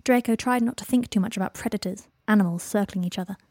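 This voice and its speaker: A woman reads a fan fiction story aloud in an expressive narrating voice. Her pitch sits in a middle range for a woman. The recording is close and completely dry. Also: quick pace, no room sound. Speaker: reader. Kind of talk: fan fiction audiobook reading.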